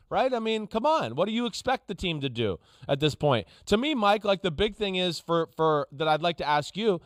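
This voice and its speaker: A man's voice: sits high, big pitch swings, normal speed, few pauses, dry recording, studio quality. A man co-hosting a sports talk show, talking casually with lots of fillers and restarts. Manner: casual, rambling, many fillers. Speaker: co-host, former player analyst.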